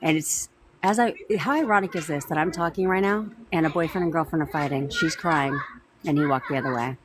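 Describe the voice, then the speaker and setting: A woman's voice: sits low, fairly quick, background noise. A woman coaching her viewers on a live stream, blunt and profane, repeating herself for emphasis. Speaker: manifestation coach. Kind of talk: TikTok live talk.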